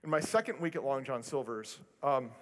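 A male pastor preaching a sermon, telling stories with animated delivery and self-deprecating humor. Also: medium pitch, moderate pace, slight background noise. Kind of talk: sermon with storytelling. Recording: long reverb of a large hall.

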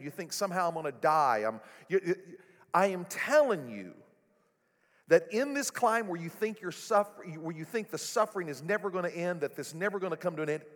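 Male pastor, lively, sermon delivery, slightly raised pitch, echoey sanctuary. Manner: animated, rising to loud exclamations. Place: church sanctuary. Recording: echoey hall.

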